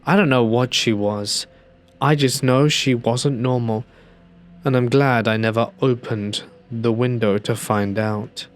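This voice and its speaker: A man reading a first-person horror story aloud in a measured, hushed storytelling voice. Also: mid-range voice, steady tone, faint music behind. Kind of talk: scripted narration.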